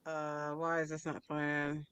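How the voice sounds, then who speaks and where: A man's voice: a little high, completely flat delivery, slow, fairly bright tone, clean tone. A man hosting a political talk show, moderating and cutting in firmly to demand sources. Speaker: host.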